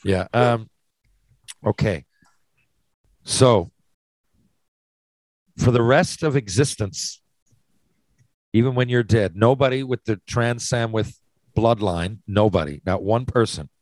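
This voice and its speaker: A man's voice: lowish voice, a little mellow, no echo, low-quality recording. A man hosting a casual chat, posing hypothetical questions with lots of restarts and swearing. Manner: rambling, restarts, profane. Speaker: podcast host.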